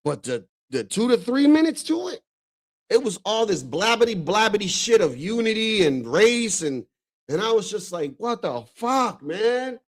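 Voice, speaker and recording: His voice is high and sing-song, moving at an ordinary pace. This streamer from the Dominican Republic gives casual reactions to clips, swearing freely, saying "bro" constantly and laughing often.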